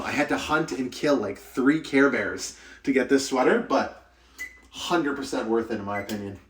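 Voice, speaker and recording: A man's voice: a little high, a little hiss or hum. A young man streaming live from his home kitchen, cooking, chatting and joking as he greets viewers by name. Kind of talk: casual live-stream chat.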